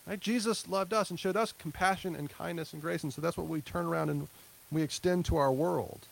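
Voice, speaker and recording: A man's voice: a little high, brisk, creaky, rough recording. A male pastor giving a conversational sermon, with asides to the congregation and a closing prayer. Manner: conversational preaching with light laughs and asides.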